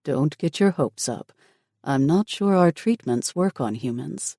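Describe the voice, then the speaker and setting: A woman voicing a protective male shifter who speaks in a measured, reassuring way. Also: low-pitched, expressive, dark tone, dry recording, studio quality, full character voice.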